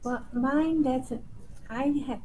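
A woman in a study group speaks very slowly in a warm, mellow voice. She asks short questions and reads aloud haltingly, with a faint background hiss. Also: high-pitched. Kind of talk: casual group discussion.

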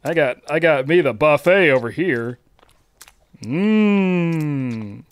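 An excitable man talks through a live game stream, teasing the other players as he goes. His voice sits a little high and swoops up and down constantly. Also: slow pace, smooth, dry recording. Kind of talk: live gameplay commentary.

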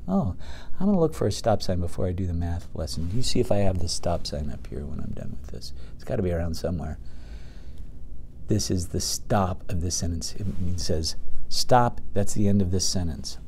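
A man's voice: low-pitched, dark tone, a little hiss or hum. A man teaching a reading lesson to young children, patiently sounding out words and reading aloud from a picture book.

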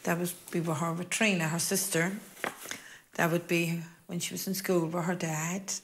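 A middle-aged Irish woman, a bereaved mother, recounting events at home in a soft, halting way with many restarts. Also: fairly low pitch, little pitch movement, background noise. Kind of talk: emotional personal account. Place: family home indoors.

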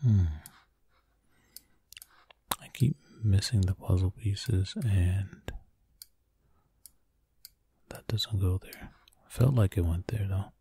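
Male ASMR whisperer: deep, slow, fretful muttering into a close mic. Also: steady tone, vocal fry, warm tone, slight background noise. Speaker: ASMR creator. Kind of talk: whispered ASMR gameplay commentary.

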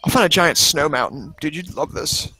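A man's voice: fairly high pitch, normal speed, bright, forceful tone. A young man playing along in a casual gaming session, swearing freely and talking through his own struggles. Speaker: co-player. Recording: noisy recording.

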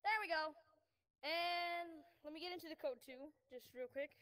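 A woman's voice: extremely high pitch, normal speed, a bit bright. A woman live-streaming a VR game, chatting casually and rambling with lots of fillers and restarts into a headset mic.

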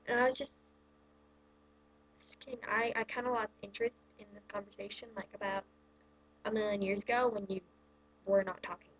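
A woman's voice: medium pitch, fairly even intonation, moderate pace, long pauses, rough recording. A woman vlogger ranting casually through a countdown list of pet peeves, exasperated and sarcastic, with plenty of "like" in her speech. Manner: exasperated, sarcastic, heavy use of "like".

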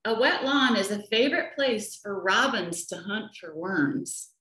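Woman nature educator, slow storytime reading to small kids, roomy echo. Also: mid-range voice, lively intonation. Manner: slow, gentle, asks the children questions. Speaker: children's nature program educator. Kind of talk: reading a picture book aloud to young children. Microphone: laptop or webcam for a video session. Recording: echoey room.

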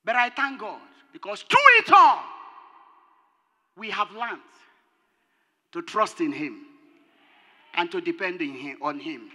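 A woman pastor preaching an impassioned sermon, rising to shouted peaks and dropping low. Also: lively intonation, measured pace, long pauses. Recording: long hall reverb.

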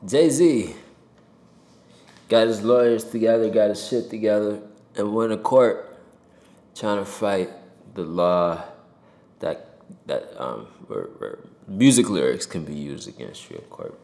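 Man ranting, swinging loud and high. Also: expressive, slow pace, vocal fry, long pauses, reverberant. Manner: heated ranting, jumps loud and high for emphasis, swears. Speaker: rapper and commentator. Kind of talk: opinion monologue to camera. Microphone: desk mic with pop filter.

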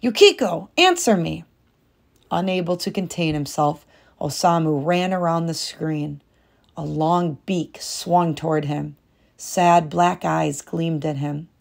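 A woman reading a storybook aloud in calm, measured narration. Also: sits low, vocal fry. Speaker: storybook reader.

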